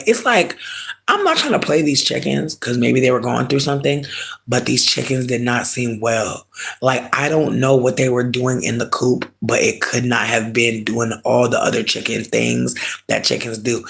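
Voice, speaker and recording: A man chatting casually with viewers, ranting in an animated, emphatic, comic way and often stretching words slowly for effect. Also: medium pitch, gravelly. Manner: profane, drawn-out slow emphasis. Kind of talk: casual chat.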